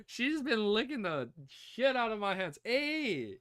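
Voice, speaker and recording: A man hosting a livestream reaction, chatting excitedly with viewers and his puppy. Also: very high-pitched, a little slow. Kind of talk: casual livestream reaction chat.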